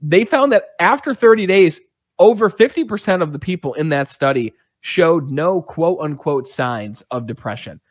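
A man's voice: fairly high pitch, lively intonation, normal speed, dry recording, clean studio sound. A man hosting a podcast, telling a personal story in an earnest, talkative way. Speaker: podcast host. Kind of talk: conversational interview.

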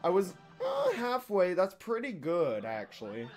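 A young man giving casual let's-play commentary, profane and excitable, trash-talking the boss and yelling when he wins or loses. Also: high voice, a little slow, soft background music. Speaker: gaming YouTuber.

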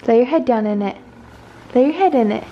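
A woman's voice: fairly high pitch, expressive, fairly quick, lo-fi sound. A young woman hosting a family vlog at home, chatting casually and talking baby talk to her toddler. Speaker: vlog host and mother. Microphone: handheld camera.

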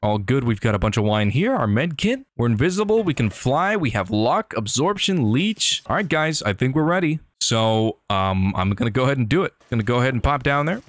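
A man giving excitable, joking commentary over his gameplay, often talking back to enemies on screen. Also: mid-range voice, a little fast, few pauses, no room sound. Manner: excitable, jokey, talks to enemies. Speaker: gaming YouTuber. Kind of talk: game commentary.

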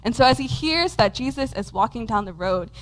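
A woman's voice: a little high, lively intonation, brisk, low-quality recording. A woman preaching a conversational sermon in a church, talking casually with lots of "um" and "like". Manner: casual, many fillers like "um" and "like". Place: church hall with a congregation.

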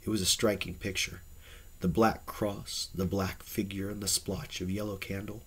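Husky man reading an audiobook. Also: low-pitched, flat delivery, moderate pace, a bit bright. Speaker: audiobook reader. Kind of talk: audiobook narration.

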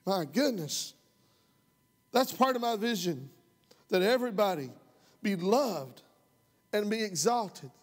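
High-pitched guy preaching, fired up and folksy, big echoey church hall. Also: lively intonation, slow, pauses often. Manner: impassioned, folksy, rising to loud outbursts. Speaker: pastor. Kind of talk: sermon. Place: church sanctuary. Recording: long hall reverb.

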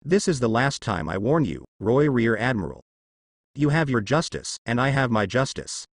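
A man voicing a cold, ruthless male navy vice admiral with a hoarse, icy delivery. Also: medium pitch, sing-song, moderate pace, dry recording, clean studio sound.

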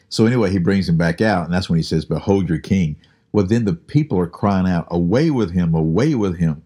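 A man with a very low, dark and husky voice leads a daily Bible study podcast. He talks through the passage in a relaxed, conversational way. He pauses often with small fillers as he explains. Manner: relaxed, unhurried, with frequent "uh" pauses.

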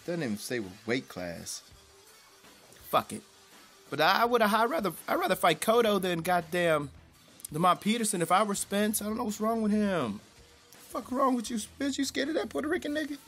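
A young man giving casual, profane commentary as a boxing YouTuber, rambling in slang with sudden high-pitched outbursts. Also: big pitch swings, moderate pace, a bit bright, breathy edge, faint music behind.

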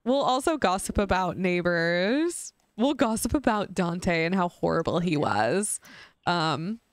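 Slow, smooth-voiced young woman gamer. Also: lowish voice, lively intonation. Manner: chatty, giggly, playful narrating of her game. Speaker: gaming YouTuber. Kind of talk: casual Let's Play commentary.

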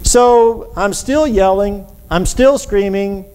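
A man preaching a sermon, telling a story with animated delivery and acting out cries for help. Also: high voice, slow, smooth. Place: church. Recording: reverberant church hall with faint ambience.

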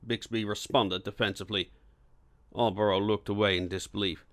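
A man narrating a steampunk novel in an expressive storytelling voice. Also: fairly low pitch, normal speed. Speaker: audiobook narrator. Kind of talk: scripted narration.

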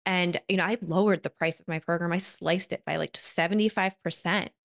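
A woman podcast host talking in a casual, heartfelt way, with "like" dropped all through her sentences. Her voice sits on the lower side for a woman. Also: steady tone, a little fast, gravelly. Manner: heartfelt, frequent "like" fillers. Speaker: podcast host and wellness coach.

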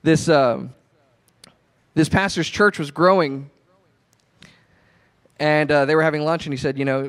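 A male pastor preaching a sermon, told in a relaxed, conversational storytelling way. His voice sits a little high for a man. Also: unhurried, pauses often. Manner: conversational storytelling, animated retelling.

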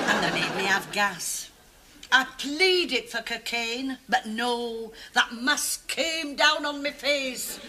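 An actress playing a sharp-tongued, deadpan working-class mother in a studio sitcom. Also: high voice. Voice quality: dry and sardonic, deadpan jokes. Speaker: sitcom character. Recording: hissy TV tape with studio audience laughter.

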